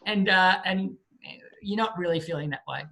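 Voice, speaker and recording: A man, a guest speaker telling a lively story in a talk and acting out the people in it. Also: high voice, moderate pace, gravelly. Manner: lively storyteller who acts out the voices of the people in his story.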